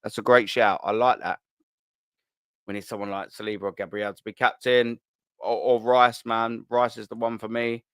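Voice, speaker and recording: With a clear, resonant voice pitched fairly low, a man in his thirties from London chats with his live stream viewers and reads their comments. His tone stays level and his speed normal as he banters in a laid-back, slangy way, laughing easily. No echo is present.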